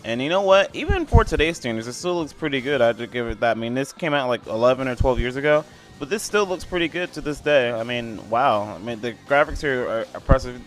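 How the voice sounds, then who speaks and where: A man rambles through a casual voice-over review of an old video game. His voice sits at an ordinary middle pitch, and faint game music plays underneath. He is blunt and opinionated, filling his talk with "I mean" and "like". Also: expressive, fast talker.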